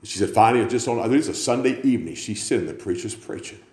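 A man preaching a sermon, building to loud climaxes and then dropping low. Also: animated, rapid-fire. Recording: echoey room with faint background noise.

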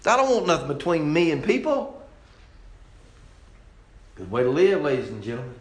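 A man preaching a fiery sermon, jumping from loud outbursts to low, quiet asides. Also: big pitch swings, moderate pace. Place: church sanctuary. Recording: roomy church echo.

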